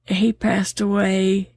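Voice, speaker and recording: A woman's voice: medium pitch, vocal fry, darkish tone, breathy edge, dry recording, studio quality. A woman chatting openly while she crochets, laughing easily as she talks. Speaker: crochet vlogger. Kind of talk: casual chat while crocheting.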